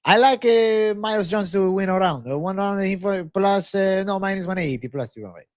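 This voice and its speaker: Casting: a man hamming up a silly foreign accent, pitched way up, dry close sound. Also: very animated, slow, a bit bright, no echo, heavily acted. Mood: goofy. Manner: exaggerated, clowning, broken English. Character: jokey man with a hammy put-on foreign accent.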